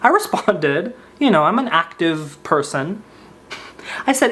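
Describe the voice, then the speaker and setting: A man's voice: high-pitched, sing-song, unhurried, fairly bright tone, husky. A young man delivering a comedic monologue to camera in a sarcastic, mock-indignant way.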